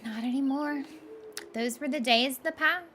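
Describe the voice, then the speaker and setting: A woman's voice: sits high, moderate pace, bright, forceful tone, a little hiss or hum. A young woman chatting casually and playfully as she plays a game on a live stream, laughing often.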